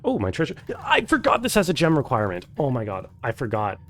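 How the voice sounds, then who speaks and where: A man's voice: sits low, sing-song, brisk, hardly any pauses, slight background noise. A man streaming a game for the first time, thinking aloud, swearing freely and chatting with his viewers. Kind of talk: casual live-stream commentary.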